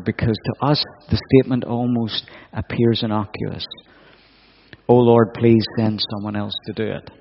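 A male preacher gives a reflective sermon and often turns to his listeners with questions. His voice is gravelly at mid pitch. The recording is dull and lo-fi, with a long reverb trail from the hall.

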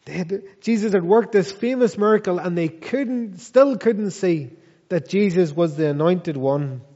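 A man preaching a sermon in a church, earnest and measured, pressing his listeners with repeated questions. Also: sits high, mellow, long reverb tail, muffled recording. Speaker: pastor.

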